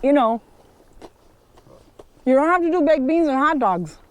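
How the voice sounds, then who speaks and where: A young woman with a slightly high voice talks in a casual, blunt way and swears freely. She chats outdoors on a trail as a podcast guest. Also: lively intonation, unhurried, dry recording. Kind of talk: casual chat.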